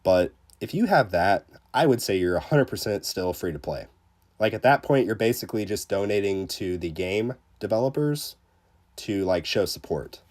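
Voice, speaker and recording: Man, lowish voice, live game streamer, chatty, filler-heavy, excitable, self-deprecating. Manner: chatty, many fillers, greets chat viewers. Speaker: livestreamer. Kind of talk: casual live gameplay commentary.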